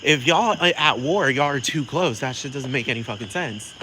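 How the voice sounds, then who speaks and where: A man delivering a sassy, profane comedic rant, rambling fast with plenty of attitude. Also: mid-range voice, expressive, noisy background.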